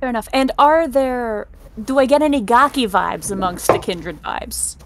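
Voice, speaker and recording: A woman's voice: a little high, lively intonation, moderate pace, noisy background. A woman playing in a tabletop game, giving brief, casual replies to the game master. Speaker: player. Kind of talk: tabletop role-play as a player.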